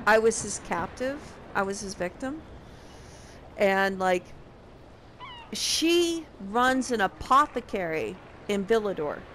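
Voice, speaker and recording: A woman's voice: medium pitch, very animated, slow pace, fairly bright tone, slight background noise. A young woman casually recapping a game, sarcastic and profane in her exasperation. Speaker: game reviewer.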